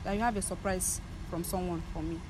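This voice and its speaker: A woman's voice: lowish voice, fairly even intonation, brisk, a little mellow, slight background noise. A young Nigerian woman, tearful, angry and accusing, confronting the ex-partner who left her. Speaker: ex-girlfriend confronting a former partner. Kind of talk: emotional street confrontation.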